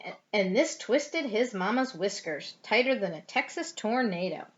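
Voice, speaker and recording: An older woman reading a picture book aloud to a child in an expressive, sing-song way. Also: mid-range voice, normal speed. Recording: dull lo-fi home recording.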